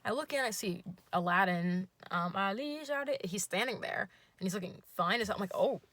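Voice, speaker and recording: A young woman telling a dating story to camera, sarcastic and animated, swearing freely. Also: medium pitch, moderate pace. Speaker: vlogger. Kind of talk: storytime vlog.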